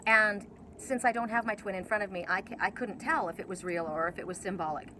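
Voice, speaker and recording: Emotional, rambling woman with a bright voice. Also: mid-range voice, fairly quick, slight background noise. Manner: emotional, rambling, repeats herself and restarts. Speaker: oracle card reader. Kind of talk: spiritual video talk to viewers.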